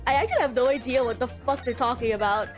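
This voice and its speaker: A woman's voice: fairly high pitch, fast. Young woman streamer, casual and giggly. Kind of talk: game playthrough, reading dialogue aloud. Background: game music.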